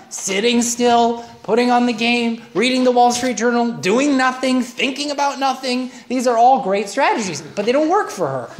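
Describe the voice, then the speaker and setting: A woman's voice: mid-range voice, slight background noise. Woman coaching a live relationship workshop. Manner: lively storytelling with frequent "right?" check-ins to the audience. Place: workshop room.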